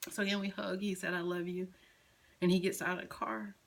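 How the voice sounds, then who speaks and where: A middle-aged mother slowly recounting a painful personal story, at times softly quoting her son. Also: on the low side, little pitch movement, gravelly, low-quality recording. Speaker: grieving mother. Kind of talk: personal testimony.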